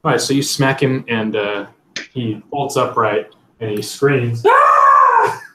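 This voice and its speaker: A man's voice: mid-range voice, fairly even intonation, measured pace. A man narrating as game master of a tabletop game, rambling with many fillers. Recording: roomy, distant mic, faint noise.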